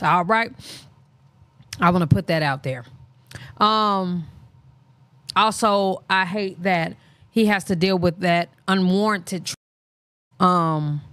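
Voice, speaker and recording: A woman's voice: on the low side, no room sound. A woman hosting a reaction channel, giving casual, blunt, opinionated commentary.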